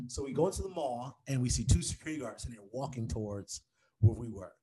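A young adult man from Detroit, a stand-up comedian telling stories in a casual interview and acting out the voices of people he quotes. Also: quick pace. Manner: animated, acts out quoted voices with big pitch jumps.

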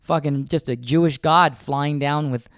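A man's voice: on the high side, steady tone, a little slow, dry recording. A man co-hosting a podcast with his wife, joking and swearing freely as he gets defensive on a close mic. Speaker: podcast co-host. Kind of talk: casual couple chat.

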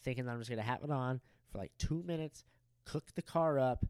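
Crisp, dry-voiced young man telling crude stories. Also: mid-range voice, fairly quick, dry recording. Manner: animated, profane, acts out quoted people. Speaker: podcast co-host. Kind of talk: casual crude storytelling.

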